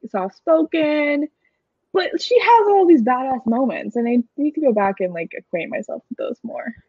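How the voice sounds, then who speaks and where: A woman's voice: high-pitched, expressive, slightly rough, no room sound. A woman co-hosting a podcast, talking casually and giggling often, with many small restarts. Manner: chatty, giggly, halting restarts. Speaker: podcast co-host. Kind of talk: casual chat. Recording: dull dry lo-fi sound.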